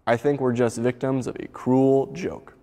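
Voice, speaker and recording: Man doing a paranoid blind guy, hushed, thinks it's a trick. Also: medium pitch, steady tone, a little slow, in a large hall, lightly acted. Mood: suspicious. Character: suspicious blind man who suspects a trick.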